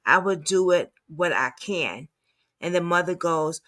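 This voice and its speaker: A woman reads text exchanges aloud and comments on them as an advocate. She goes very slowly and often stumbles and restarts her lines. Her voice sits on the low side. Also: fairly bright tone. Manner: halting, stumbling reading with restarts. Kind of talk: reading messages aloud with commentary.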